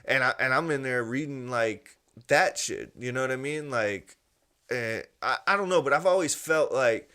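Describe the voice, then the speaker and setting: A man talking in a relaxed, rambling podcast chat. His voice sits at an ordinary middle pitch. He tells stories loosely and keeps checking in with his listeners. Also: moderate pace. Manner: rambling, profane storytelling with "you know what I'm saying".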